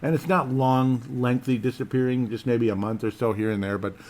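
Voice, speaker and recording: A man's voice: mid-range voice, fairly even intonation, brisk, a little mellow. A man hosting a casual solo podcast in a rambling, jokey, self-deprecating way. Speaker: podcast host.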